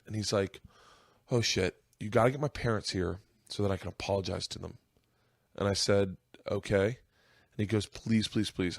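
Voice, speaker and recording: A man hosting a podcast, telling an emotional story in casual chat, his voice climbing high as he gets choked up. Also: no room sound, clean studio sound. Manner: emotional, voice rising high as he tears up. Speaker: podcast host.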